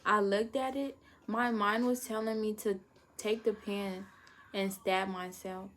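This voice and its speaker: A woman telling a personal story in a casual storytime vlog, animated and acting out moments with sudden high-pitched bursts and laughs. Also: measured pace, a little hiss or hum. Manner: animated, acts out her own past panic with sudden high-pitched outbursts and laughter.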